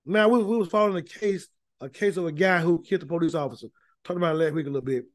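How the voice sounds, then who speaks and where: A man's voice: a little high, rapid-fire, no room sound. A man leading an informal Bible study, preaching in a folksy, emphatic way and often repeating words as he builds a point. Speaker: Bible teacher.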